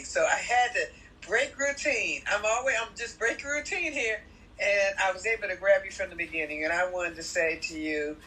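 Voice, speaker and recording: A woman's voice: mid-range voice, pushed and bright, poor audio. A woman guest brought onto a live stream, giving heartfelt, rambling thanks to the host. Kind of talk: emotional live-stream call-in.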